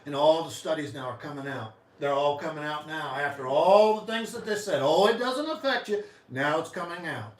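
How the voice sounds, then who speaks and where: Impassioned preacher in an echoey church. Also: male voice, fairly high pitch, brisk, few pauses, distant mic. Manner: impassioned preaching, voice swinging loud and soft. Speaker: pastor. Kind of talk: sermon. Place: church sanctuary.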